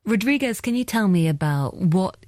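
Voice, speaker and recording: A woman host narrating a story and asking interview questions in a measured way. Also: medium pitch, expressive, a little mellow, no echo. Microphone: dry studio mic.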